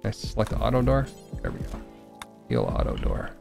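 Male streamer, lower voice, casual wisecracking commentary over faint game music. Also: huge pitch swings, brisk, gravelly. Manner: joking, muttering to himself and the game.

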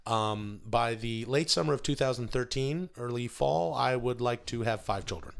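A man in his thirties co-hosting a comedy podcast, riffing in a deadpan, boastful way and often laughing. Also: mid-range voice, normal speed, vocal fry. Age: 30s. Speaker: podcast co-host. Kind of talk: casual comedic banter.

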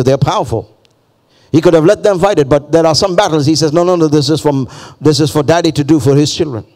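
A man's voice: on the high side, a little mellow. A male pastor preaching a fervent sermon, repeating phrases and calling on the congregation to respond.

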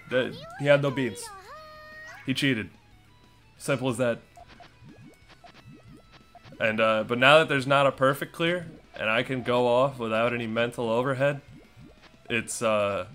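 Young man, gaming commentary, sarcastic, playful trash talk, mid-pitched voice. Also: a bit bright. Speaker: gaming streamer. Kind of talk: casual gameplay commentary.

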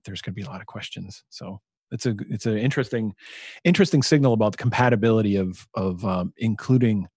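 A man's voice: on the low side, quick pace, darkish tone, husky, no room sound, clean studio sound. A man co-hosting a podcast in casual chat, thinking aloud and getting enthusiastic about ideas. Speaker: podcast co-host.

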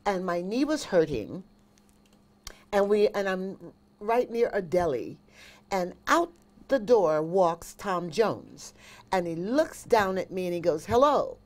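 Animated woman telling stories. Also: fairly low pitch, takes it slowly. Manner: animated storyteller, emphatic repetition. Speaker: singer and vocal coach. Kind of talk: interview guest chat.

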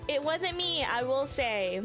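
A woman streaming a video game, chatting casually and telling stories in an animated way, with plenty of fillers and casual swearing. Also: sits high, takes it slowly, faint music behind. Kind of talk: casual chat while playing a game live.

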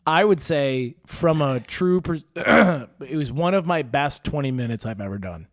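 A man's voice: on the high side, measured pace, dry recording, clean studio sound. A young man hosting a casual podcast, a stand-up comic from Wisconsin who tells rambling, profane stories with lots of energy. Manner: profane storyteller, animated and rambling. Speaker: podcast host and stand-up comedian. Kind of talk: casual chat.

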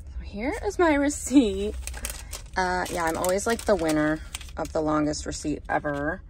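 Chatty upbeat mom vlogging, noisy background. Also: female voice, fairly low pitch, expressive, moderate pace. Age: 40s. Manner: chatty and upbeat, lists items out loud. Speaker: vlogger mother of a large family. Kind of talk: casual shopping vlog chat.

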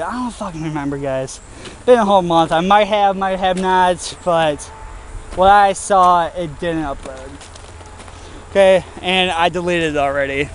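A young man rambles through a casual vlog, swearing and poking fun at himself. His voice sits high for a man. A faint hum of outdoor noise runs underneath. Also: poor audio. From Wisconsin, United States. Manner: rambling, profane, self-mocking. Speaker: vlogger.

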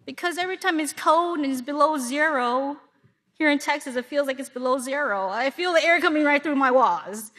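Woman sermon speaker from Milwaukee, higher-pitched voice, lively storyteller. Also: a little fast. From Milwaukee, Wisconsin. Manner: lively storytelling with acted-out asides. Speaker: congregation speaker.

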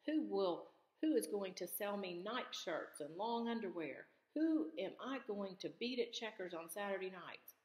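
A woman voicing an excitable old male shopkeeper who exclaims and booms, read aloud for a children's storybook in an echoey room with a long reverb. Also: unhurried, few pauses, lightly acted. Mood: eager. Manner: exclaiming with booming enthusiasm.

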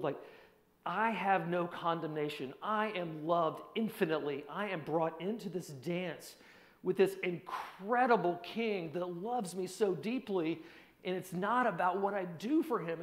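A man preaching a personal testimony sermon in an earnest voice, dropping to a hushed tone at heavy moments. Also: high-pitched, measured pace. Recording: echoey hall.

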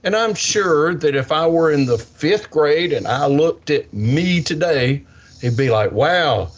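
An older man, a science educator, answering interview questions with lively storytelling and acted-out kids' voices. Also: fairly high pitch, unhurried. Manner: animated, acts out kids' voices. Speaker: science educator with a portable planetarium.

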